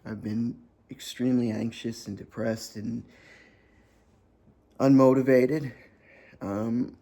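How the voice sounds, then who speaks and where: Gravelly-voiced man in his thirties, vlogging. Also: medium pitch, fairly even intonation, takes it slowly, warm tone. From New Jersey. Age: 30s. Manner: sarcastic, hesitant with frequent ums. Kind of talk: personal vlog monologue.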